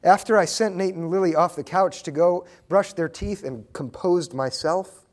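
Male pastor, thirties to forties, earnest sermon, unhurried and tender, a touch higher than most men. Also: a little mellow. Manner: earnest, slow and tender storytelling.

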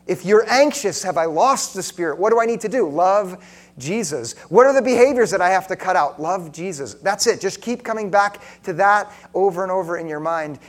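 A man delivering a sermon with an earnest, direct manner. His voice sits a little high for a man. He questions his listeners often and slips into soft, intimate tones to drive points home. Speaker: preacher.

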